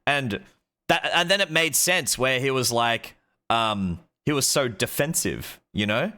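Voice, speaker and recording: A man's voice: medium pitch, expressive, measured pace, bright, forceful tone. A young Australian man and streamer, telling a story in a rambling, casual way with lots of fillers and swearing.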